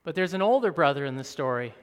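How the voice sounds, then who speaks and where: High-voiced animated male preacher. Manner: animated, swings from soft and slow to loud and emphatic. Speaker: pastor. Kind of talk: sermon. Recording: reverberant hall.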